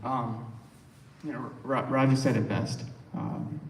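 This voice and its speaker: A man's voice: mid-range voice, takes it slowly. Storytelling man in an echoey hall. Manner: chatty, animated when quoting others, laughs lightly. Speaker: son giving a eulogy. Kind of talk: funeral eulogy, anecdotal storytelling. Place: funeral hall. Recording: echoey hall from far off, faint noise.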